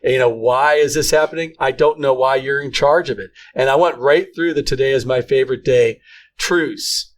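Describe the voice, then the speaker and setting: A middle-aged man co-hosting a faith podcast, talking earnestly with frequent restarts. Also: medium pitch. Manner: earnest, halting, many restarts. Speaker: podcast co-host. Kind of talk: casual faith conversation.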